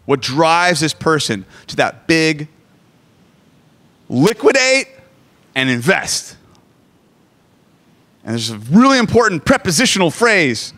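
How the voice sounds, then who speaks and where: A man's voice: a little high, big pitch swings, slow pace, long pauses, fairly bright tone. A man in his forties preaching a sermon, joking and self-deprecating as he talks. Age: 40s. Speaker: pastor.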